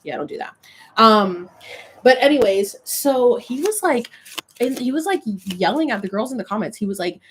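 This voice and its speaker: A woman's voice: a little high, expressive, moderate pace, slight background noise. A woman on social media telling a story in a casual vlog, rambling with lots of filler words and reading oracle cards aloud. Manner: rambling, filler-heavy retelling.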